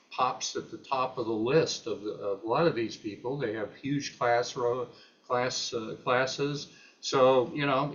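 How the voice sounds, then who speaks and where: A man's voice: mid-range voice, fairly bright tone. Older male retired academic, unscripted, hesitant, lots of "uh", slightly dull lo-fi audio. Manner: halting, many fillers and restarts. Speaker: retired professor presenting at a meeting. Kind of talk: unscripted talk.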